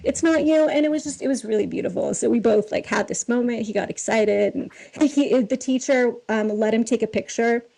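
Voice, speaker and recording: A woman with a fairly high voice tells casual stories as a podcast guest. She is animated and self-deprecating, and she laughs often. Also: a little fast, gravelly, rough recording. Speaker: guest, film key costumer.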